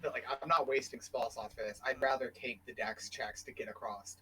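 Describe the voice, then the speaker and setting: A man's voice: mid-range voice, steady tone, pushed and bright, a little hiss or hum, rough recording. A man playing a tabletop game, casually talking over others with restarts. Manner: talks over others, quick laughs, restarts. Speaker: player.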